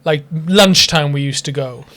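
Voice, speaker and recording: A man's voice: on the high side, normal speed, a bit bright. A man co-hosting a podcast, telling stories with a wry, teasing humor. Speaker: podcast co-host. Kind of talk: casual chat. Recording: close to the mic.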